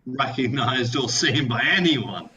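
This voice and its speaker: A man's voice: medium pitch, animated, measured pace, crowd noise, low-quality recording. A man playing a tabletop game, hesitant and repeating himself as he explains his plan. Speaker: player. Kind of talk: casual tabletop play.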